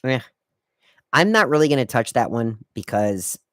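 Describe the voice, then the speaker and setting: A man's voice: medium pitch, very animated, moderate pace, fairly bright tone, no room sound, studio quality. A man hosting a casual solo podcast, laying out etiquette rules in a wry, lecturing way. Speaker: podcast host.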